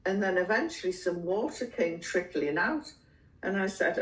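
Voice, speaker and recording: An older woman from England, a guest in an interview, telling her story in a slow, measured way with the odd laugh. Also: mid-range voice, reverberant, distant mic, low-quality recording.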